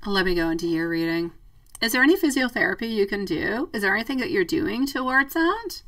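A woman's voice: medium pitch, lively intonation, fairly quick, fairly bright tone, far from the mic, low-quality recording. A woman doing a live tarot stream, chatting affectionately with viewers, calling them sweetie and laughing often. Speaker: tarot reader. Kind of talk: live-stream chat reading viewer comments.

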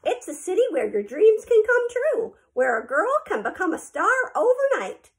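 A grand old stage star talks dreamily and dramatically, voiced by a woman reader. Her tone soars high with big swoops. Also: big pitch swings, normal speed, full character voice, poor audio. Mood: dreamy.

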